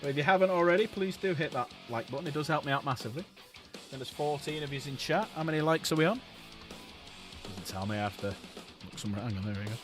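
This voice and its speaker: A man chatting casually while painting miniatures on a livestream, chatty and quick to laugh. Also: faint music behind. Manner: chatty, laughs often, jumps in pitch when excited. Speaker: streamer and hobby painter.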